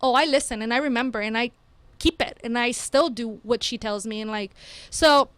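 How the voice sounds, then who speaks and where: A woman's voice: fairly high pitch, moderate pace, smooth, dry recording. A woman on a podcast in a studio, telling a parenting story in casual chat with lots of fillers. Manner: animated storytelling, many fillers. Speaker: mother and podcast guest.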